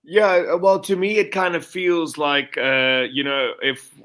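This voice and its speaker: A man's voice: on the high side, measured pace, fairly bright tone. A man co-hosting a casual podcast, rambling and hesitant as he searches for words. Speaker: podcast co-host. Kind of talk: casual chat.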